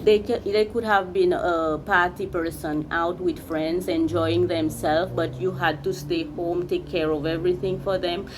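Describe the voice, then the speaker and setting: Brief: woman tarot reader, low voice, emphatic and repetitive, faint hiss behind. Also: fairly even intonation, unhurried, few pauses. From Seychelles. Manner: emphatic, repeats phrases, speaks directly to the viewer. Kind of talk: spiritual tarot reading.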